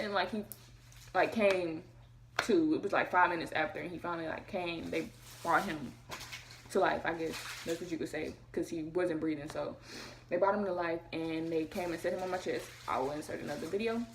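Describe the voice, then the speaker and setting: A young woman telling a personal story to her camera, talking fast and acting out what people said. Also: on the low side, steady tone, slight background noise. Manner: fast, emotional retelling, acting out quotes. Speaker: vlogger.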